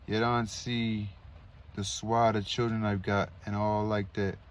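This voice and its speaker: A man voicing a wounded, rambling male soldier who talks in a slow, rustic, slurred drawl. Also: on the low side, level tone, clear, resonant tone, lightly acted.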